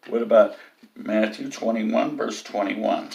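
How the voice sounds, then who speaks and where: A man's voice: measured pace, long pauses, fairly bright tone, a little hiss or hum. A man ranting to camera about religion, mocking, with many filler ums. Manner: mocking, lots of ums, mimics others in high cries. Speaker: atheist vlogger.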